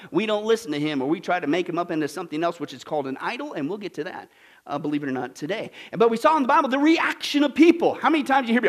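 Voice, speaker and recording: A man preaching a sermon as pastor, lively and animated, asking the congregation questions and dropping into mocking put-on voices. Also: very high-pitched.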